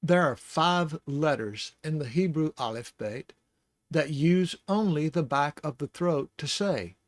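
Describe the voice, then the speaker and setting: A man teaching the Hebrew alphabet in a casual, rambling way, sounding out syllables slowly and chuckling now and then. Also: on the high side, animated, no echo, clean studio sound. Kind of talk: casual lesson.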